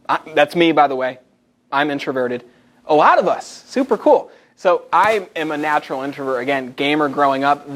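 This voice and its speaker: An American man speaking live as a motivational speaker to a group in a meeting room. He talks in an energetic, conversational way and draws the audience in. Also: fairly high pitch.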